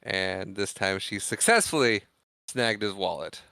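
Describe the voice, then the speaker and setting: Male podcast co-host, lowish bright clean voice, dry close mic, rambling recap with acted-out quotes. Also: animated, unhurried, creaky, clear, resonant tone, no room sound. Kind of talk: casual movie discussion.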